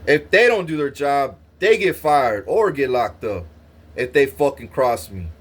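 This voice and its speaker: A man's voice: mid-range voice, lively intonation, measured pace, breathy edge. A man ranting to camera, threatening and boasting in a profane, swaggering way, often stuttering on restarts. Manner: repeats himself with stuttered restarts. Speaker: vlogger. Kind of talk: angry boastful rant to camera.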